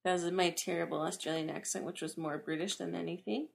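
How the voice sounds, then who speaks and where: A woman's voice: lowish voice, steady tone, fast talker, gravelly. A young woman co-hosting a podcast, chatting casually in a giggly, playful way. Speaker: podcast co-host. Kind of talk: casual chat.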